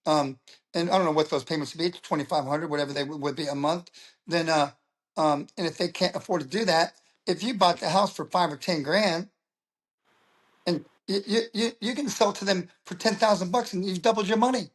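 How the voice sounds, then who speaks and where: Middle-aged male coach as interview guest; a touch high-pitched, lively, tripping over his words. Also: brisk. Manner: animated storytelling with frequent stammered restarts. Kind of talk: casual interview talk.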